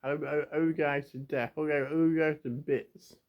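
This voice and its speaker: A man's voice: fairly high pitch, steady tone, quick pace. Young man rambling, close to tears. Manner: rambling and repetitive, stumbling over words. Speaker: vlogger. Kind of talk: emotional confessional monologue. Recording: dull lo-fi home video.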